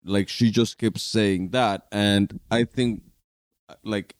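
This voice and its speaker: A man talking calmly and in measured words in casual chat as a podcast co-host. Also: fairly low pitch, no echo, clean studio sound.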